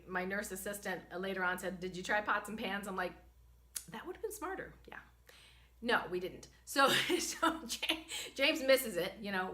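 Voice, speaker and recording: A woman hosting a spiritual medicine vlog, telling a story in an animated, chatty way with many fillers, talking to a camera she holds herself. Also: medium pitch. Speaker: host and spiritual medicine practitioner. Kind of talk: casual storytelling.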